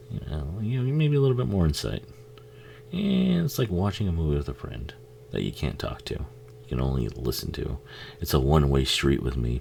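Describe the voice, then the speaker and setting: A man's voice: extremely low pitch, creaky, darkish tone, a little hiss or hum. A man giving a casual, rambling watch-along commentary on a film, swearing freely and laughing often.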